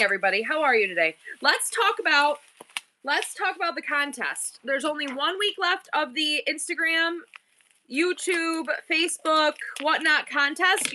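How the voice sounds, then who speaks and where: Bubbly high-voiced woman hosting a live stream. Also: sharp tone, slight background noise. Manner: bubbly, chatty, with quick asides to chat. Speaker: online auction live-stream host. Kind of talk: casual live-stream chat with viewers.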